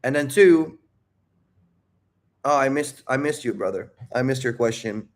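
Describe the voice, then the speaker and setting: A man hosting a casual live Q&A on dating, with a mid-range voice. He swears freely, rambles off on tangents and keeps catching and correcting himself. His delivery is animated and unpolished. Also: medium pitch, unhurried. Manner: profane, animated, rambling with self-interruptions. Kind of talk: casual livestream talk.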